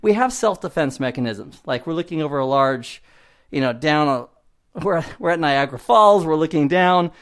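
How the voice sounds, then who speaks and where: A man in his fifties giving a motivational IT training lesson in an animated, conversational way, often laughing at himself. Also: a little high, moderate pace. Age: 50s. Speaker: IT instructor.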